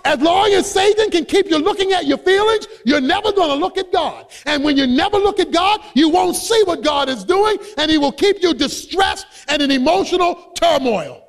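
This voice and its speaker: A man preaching a sermon as a pastor, emphatic and building up to shouts. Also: very high voice, animated, normal speed, hardly any pauses. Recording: long hall reverb.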